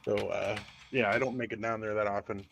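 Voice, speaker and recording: A man chatting casually on a stream, hesitant and filling pauses with uh and like. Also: on the low side, fairly even intonation, creaky, fairly bright tone. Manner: hesitant, lots of uh and like. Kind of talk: casual chat. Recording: dull lo-fi mic with faint hiss.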